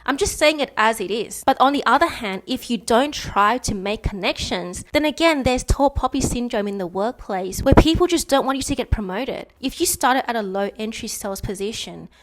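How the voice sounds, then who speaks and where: A woman's voice: animated, normal speed, few pauses. Frank young Australian woman vlogger. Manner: blunt, frank, mimics others in a higher voice when quoting. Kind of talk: candid personal storytelling to camera.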